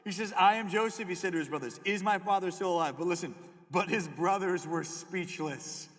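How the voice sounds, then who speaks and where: A young man giving a jokey, animated chapel sermon to middle schoolers, often acting out voices as he goes. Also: sits high, brisk. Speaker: youth pastor. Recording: echoey hall with long reverb.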